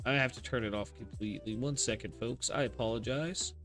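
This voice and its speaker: Bright, excitable young man streaming. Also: medium pitch, fairly quick, soft background music. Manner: excitable, swearing, talks to chat. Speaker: streamer reacting to a comic chapter. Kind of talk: live reaction stream.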